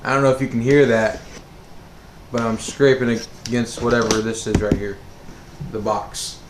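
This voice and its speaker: A man's voice: mid-range voice, steady tone, moderate pace. A man telling a storytime monologue as a vlogger, rambling with many fillers and restarts. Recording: roomy echo with faint background noise.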